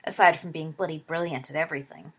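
A woman voicing a cocky teenage schoolboy wizard in a storybook reading, boastful and excitable, her pitch somewhat low with a breathy edge. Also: fast talker, exaggerated voice.

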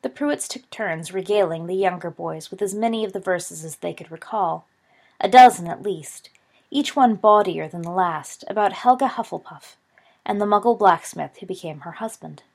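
A woman's voice: on the low side, moderate pace, vocal fry, a little mellow. A woman reading a fan fiction story aloud as narrator.

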